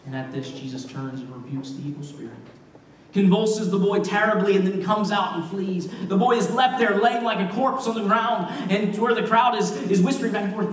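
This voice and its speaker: A man preaching a sermon as pastor, retelling a story in an emphatic way with shifting loudness. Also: high voice, a little fast, slight background noise. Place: church sanctuary. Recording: echoey church hall, mic far off.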